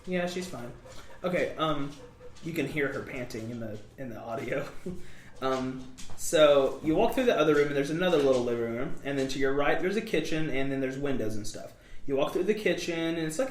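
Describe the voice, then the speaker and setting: A man's voice: mid-range voice, a little hiss or hum. A young man co-hosting a casual podcast, rambling and upbeat, with lots of "like" and "um". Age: young adult. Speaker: podcast co-host. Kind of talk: casual chat. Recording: echoey room.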